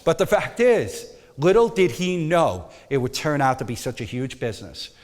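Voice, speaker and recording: A man teaching a photography workshop, emphatic and animated, sometimes dropping to a soft coaxing tone. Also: on the high side, moderate pace, long reverb tail. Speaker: photography instructor.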